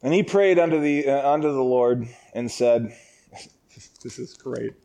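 A man's voice: medium pitch, unhurried, vocal fry, dark tone. A man teaching a Bible passage in a casual, joking way, often laughing and acting out lines in a raised voice. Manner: jokey and conversational.

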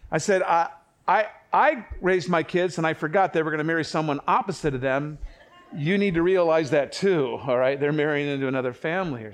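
A man's voice: on the high side, fairly quick. Older male pastor preaching conversationally. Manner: conversational preaching, anecdotes, self-corrections. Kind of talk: sermon.

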